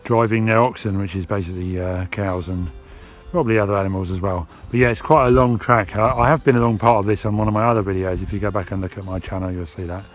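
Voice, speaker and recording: A man talking casually to his camera while hiking over hills outdoors, relaxed and chatty, sometimes out of breath from the climb. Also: lowish voice, fast, few pauses. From England. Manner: relaxed, chatty, thinking aloud with fillers. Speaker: hiking vlogger. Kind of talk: casual walking commentary to camera. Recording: dull lo-fi sound with music behind. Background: background music.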